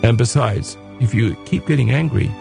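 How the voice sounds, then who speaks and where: A man hosting a radio talk show, delivering an emphatic, preachy monologue in a rough voice that he raises as he speaks. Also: mid-range voice, moderate pace, over music. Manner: emphatic, raising his voice, preachy.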